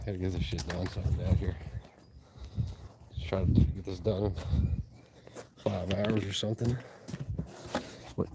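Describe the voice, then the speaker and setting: Man, low voice, blunt and cussing, rural job site, loud outdoor noise behind. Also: steady tone, moderate pace, long pauses. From East Tennessee. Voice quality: blunt, profane, rambling. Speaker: handyman vlogger. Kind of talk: casual chat while working.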